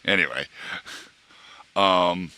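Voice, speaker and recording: A young male streamer rambles through a story for his chat, full of fillers and restarts, acting out what other people said. His voice is very low but bright and forceful, and he draws out his words.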